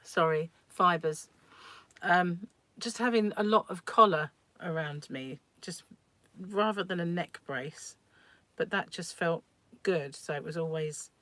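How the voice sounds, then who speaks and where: A woman's voice: on the low side, a bit bright, no echo. A middle-aged woman hosting a crochet livestream at home, chatting casually and laughing often as she rambles through viewer comments.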